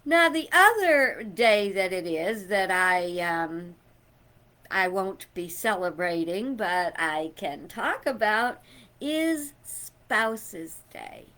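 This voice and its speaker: A middle-aged woman chatting casually to camera, loud and rambling, with fillers and little laughs. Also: mid-range voice, animated, slow. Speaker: vlogger.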